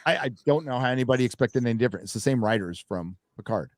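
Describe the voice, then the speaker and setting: Man, blunt profane rant, mid pitch, dry close sound, casual stream host. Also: animated, racing, dry recording. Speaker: show host. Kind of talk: casual livestream chat.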